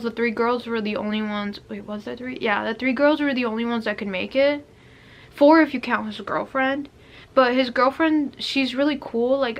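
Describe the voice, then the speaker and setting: A woman's voice: on the high side, fairly bright tone. A young adult woman rambling casually through a storytime vlog, restarting sentences and saying "like" a lot. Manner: rambling, heavy use of "like", frequent restarts. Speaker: vlogger.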